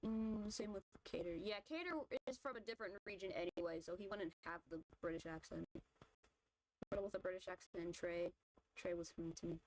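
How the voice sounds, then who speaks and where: A woman's voice: lowish voice, brisk, darkish tone, slight background noise, low-quality recording. A woman streamer in casual chat, rambling through her opinions with lots of fillers and restarts. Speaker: vtuber streamer. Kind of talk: casual chat while drawing.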